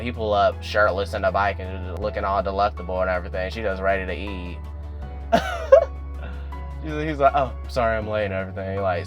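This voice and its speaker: A chatty young man, recapping a TV episode in a loose, casual way. He jumps up in pitch whenever he plays out what the characters say. Faint music sits underneath. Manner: chatty, animated, acts out characters' lines with raised pitch. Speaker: YouTube recap host.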